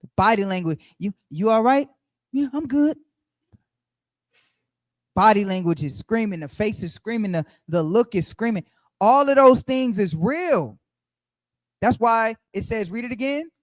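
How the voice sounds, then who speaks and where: A man's voice: high voice, normal speed, no room sound. A man leading a Bible study, preaching conversationally and emphatically, repeating his key phrases as he speaks straight to the group.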